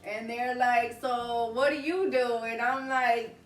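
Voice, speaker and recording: Animated woman telling a story, roomy. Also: on the high side, takes it slowly, soft background music. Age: 30s. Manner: animated, laughing as she retells the story. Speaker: vlog host. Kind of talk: casual storytelling. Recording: roomy, distant mic, faint ambience.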